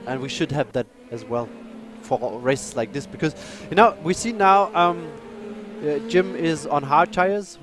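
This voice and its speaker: Brief: male sim-racing commentator, slightly high voice, chatty and excitable, rambles and apologizes. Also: a little slow, background noise. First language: German. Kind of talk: live race commentary and chat.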